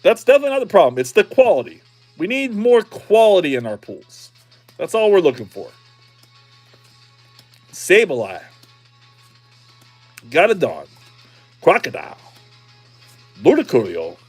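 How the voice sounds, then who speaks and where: A middle-aged man talking casually on a livestream, chatty and prone to repeating his phrases as he cheers each card on. His voice sits a little high for a man and swings up and down freely. Soft music hums faintly behind him. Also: huge pitch swings, slow, long pauses, husky. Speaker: streamer opening card packs.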